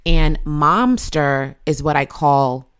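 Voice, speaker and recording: Mother in her thirties, low-pitched, candid and emotional personal storyteller. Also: lively intonation, slow pace, clear, resonant tone. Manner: emotional, confessional, acts out her own past yelling in a shrill voice.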